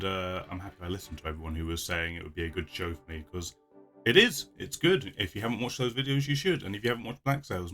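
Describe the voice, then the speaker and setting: Low bright-voiced chatty man. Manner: chatty, rambling with frequent restarts and laughs. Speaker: vlogger. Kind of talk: casual chat.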